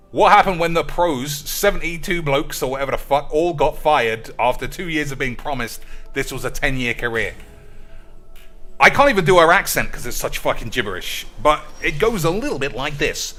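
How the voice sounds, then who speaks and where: A man's voice: fairly high pitch, lively intonation, normal speed, sharp tone, soft background music. A man streaming a card game, ranting with sarcastic, profane commentary. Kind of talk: gameplay commentary.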